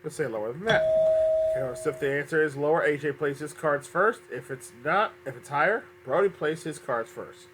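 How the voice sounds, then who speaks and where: Male game show host, bright tone, upbeat, self-correcting, slightly under the weather. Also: fairly high pitch, brisk, a little hiss or hum. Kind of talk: fan-made game show hosting.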